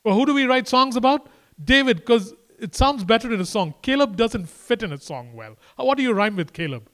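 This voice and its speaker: A man with a high voice delivers a sermon in a loose, conversational way. He swings from hushed, intimate passages to emphatic, lifted ones, and talks to his listeners as casually as he would to friends. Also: brisk. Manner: animated, swings between quiet and emphatic. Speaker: preacher.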